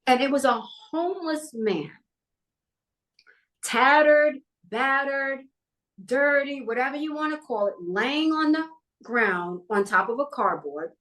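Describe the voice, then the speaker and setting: A woman's voice: high-pitched, animated, measured pace, a bit bright, low-quality recording. A middle-aged woman from New York telling a personal story in a podcast interview, acting out what other people said. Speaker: guest.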